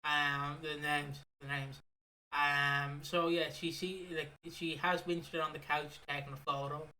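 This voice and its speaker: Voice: mid-range voice, flat delivery, measured pace, a little hiss or hum. A podcast co-host, casually recapping a soap opera in a rambling, swearing chat. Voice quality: bright, rambling with fillers and swearing.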